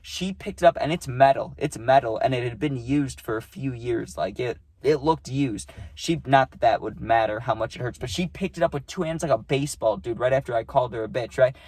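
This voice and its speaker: A young man in the middle of a casual storytime, rambling and slangy, with lots of dudes and swearing. His voice sits at an ordinary middle pitch. The sound is dry and close, with no room around it. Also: fairly quick, hardly any pauses, darkish tone, dry recording. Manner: rambling, slangy, swears, says "dude" a lot.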